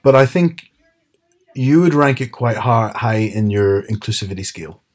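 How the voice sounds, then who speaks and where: A man's voice: on the low side, expressive, normal speed. A man chatting casually as a podcast co-host, retelling TV scenes with quoted lines. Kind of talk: casual chat.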